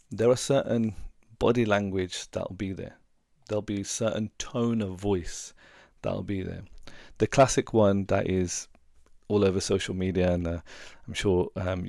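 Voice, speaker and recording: A man's voice: low voice, creaky, darkish tone, no room sound, studio quality. A middle-aged man, a relationship coach giving earnest, conversational advice and sharing personal stories. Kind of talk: casual advice talk.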